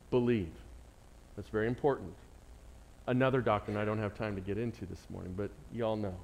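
A man with a drawl preaches a sermon from the pulpit. He keeps putting questions to the congregation and answering them himself. His voice sits somewhat high for a man. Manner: call-and-response questions to the congregation. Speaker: pastor.

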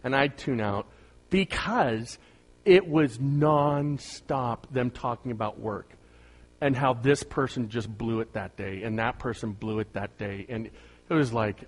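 A man's voice: medium pitch, measured pace. A middle-aged man preaching a conversational sermon, joking with the congregation and rising to emphatic bursts. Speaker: pastor.

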